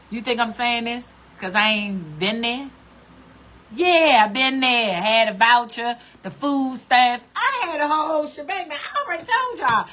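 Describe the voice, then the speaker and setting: A woman's voice: fairly high pitch, noisy background. A woman vlogger ranting to her camera in a blunt, profane, scolding way. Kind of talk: casual rant to camera.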